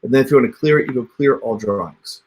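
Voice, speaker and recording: A man's voice: mid-range voice, fast. A man hosting a casual livestream tutorial, talking viewers through steps on screen in a chatty way over a computer mic. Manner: chatty, addresses viewers as you guys. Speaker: host.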